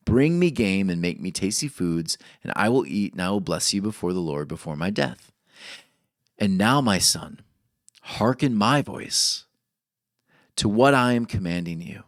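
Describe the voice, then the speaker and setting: Lively low-voiced man preaching. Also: dry recording, studio quality. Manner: reads scripture expressively, pausing to comment. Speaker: pastor. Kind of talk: sermon with scripture reading.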